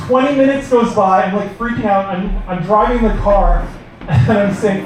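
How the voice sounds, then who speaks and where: A man's voice: sits high, normal speed, slight background noise. A man telling a story in a stand-up set, acting out his own panicked lines. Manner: animated, acts out panicked quotes. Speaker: stand-up comedian. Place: comedy club stage. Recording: echoey club from far off, audience.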